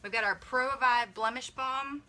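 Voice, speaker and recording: A woman's voice: a little high, measured pace, sharp tone. A young woman, a mother, chatting casually through a beauty kit unboxing, thinking aloud and correcting herself as she reads viewer comments.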